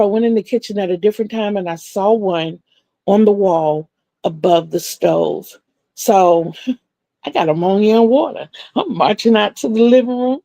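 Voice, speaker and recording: A middle-aged woman, telling animated stories on her crochet livestream, laughing often and acting out the voices of the people she quotes. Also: medium pitch, creaky, no room sound. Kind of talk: casual storytelling chat.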